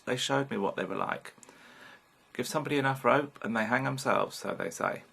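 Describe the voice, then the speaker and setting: A man's voice: mid-range voice, brisk, creaky, sharp tone, slightly rough. A British man in his fifties talking frankly in a rambling personal vlog, swearing casually as he goes. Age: 50s. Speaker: vlogger. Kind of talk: candid personal vlog monologue.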